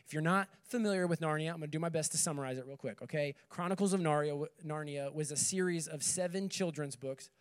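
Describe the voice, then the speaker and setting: A man's voice: on the high side, quick pace, few pauses, clear, resonant tone. A young man giving a conversational sermon to a group, reading scripture and checking in with "okay" and "right". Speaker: speaker at a campus ministry meeting.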